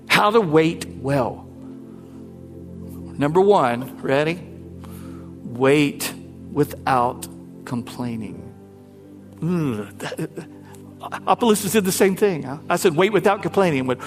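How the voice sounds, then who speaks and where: A man pastor preaching a lively sermon, talking directly to his congregation. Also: high-pitched.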